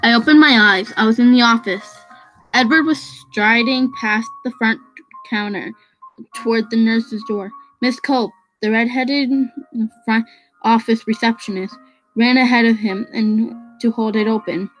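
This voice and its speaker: A woman's voice: fairly high pitch, fairly even intonation, measured pace, fairly bright tone, faint music behind, rough recording. A woman reading a novel aloud, often stumbling and restarting phrases. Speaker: reader.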